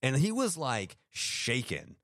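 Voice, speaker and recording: A man of middle pitch co-hosts a casual podcast, spinning a story with constant fillers and restarts. He slips into little voices to quote people. The sound is dry and close, with no room around it. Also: big pitch swings, slow pace, fairly bright tone, no echo. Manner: rambling storyteller, acts out quotes, many fillers. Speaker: podcast co-host. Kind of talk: casual chat.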